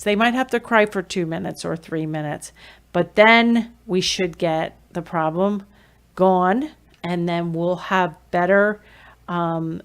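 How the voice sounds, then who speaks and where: A woman podcast host and behavior analyst, talking conversationally with fillers and self-corrections as she explains strategies for parents. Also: lowish voice. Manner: acts out parent-child exchanges with soft shushing.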